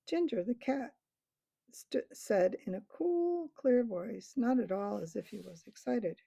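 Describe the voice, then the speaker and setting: A woman narrating a children's fantasy novel aloud in a steady storytelling manner. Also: fairly high pitch, measured pace, creaky, slightly rough, no room sound. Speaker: reader. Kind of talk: audiobook narration. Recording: dull lo-fi recording.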